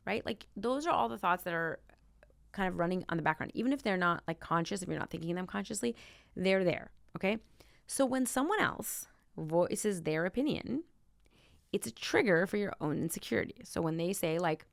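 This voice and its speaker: A woman's voice: mid-range voice, lively intonation, fairly quick, vocal fry, no room sound, clean studio sound. A young adult woman hosting a podcast, talking through advice in a casual monologue full of "like" and "right?" asides. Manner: conversational, many "like" and "right?" asides. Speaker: podcast host.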